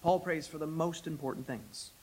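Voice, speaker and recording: A male pastor preaching a sermon, emphatic and lively, with self-deprecating asides. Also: on the high side, normal speed, breathy edge, poor audio.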